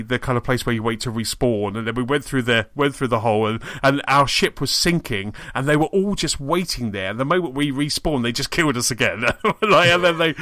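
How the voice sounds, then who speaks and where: Man, podcast co-host, casual chat, eager and rambling, crisp bright voice. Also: medium pitch, no room sound, clean studio sound. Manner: enthusiastic, rambling with many restarts.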